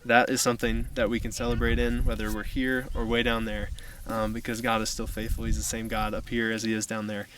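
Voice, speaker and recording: A man preaching a relaxed outdoor sermon in a flat, even voice that stays level. He sits a little back from the camera mic, with faint noise around him. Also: lowish voice, a little fast, few pauses, far from the mic, low-quality recording. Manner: casual, conversational preaching with fillers. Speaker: youth pastor. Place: outdoors on a mountaintop.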